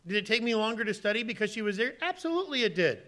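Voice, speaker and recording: A male pastor preaches in a high, bright voice. He tells stories with animated energy and breaks into loud, pleading acted-out lines before dropping back to a soft, confiding tone. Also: very fast. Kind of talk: sermon.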